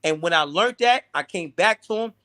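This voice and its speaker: A man's voice: high-pitched, expressive, sharp tone. A man telling a personal story in casual, profane talk, often repeating himself. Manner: profane, halting, repeats words. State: teary. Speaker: guest.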